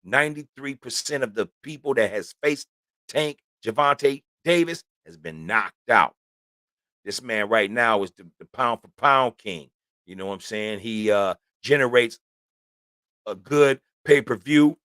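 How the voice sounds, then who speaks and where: A man's voice: mid-range voice, unhurried, a bit bright, no room sound. Casual man talking boxing, dry sound. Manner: conversational, keeps saying "you know what I'm saying". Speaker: host. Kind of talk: casual sports talk.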